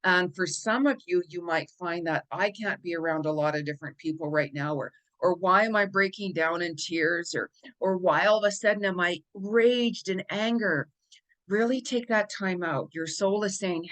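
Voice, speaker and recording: A woman's voice: on the low side, moderate pace, a bit bright, low-quality recording. Earnest woman giving spiritual advice. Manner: earnest, repetitive, coaching. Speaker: psychic and life coach. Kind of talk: astrology talk to viewers.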